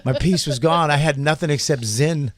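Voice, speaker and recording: A male comedian with a slightly high voice tells a rambling, profane story to his co-hosts. He talks in loose, casual chat and often breaks into laughter. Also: moderate pace. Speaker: comedian and podcast co-host.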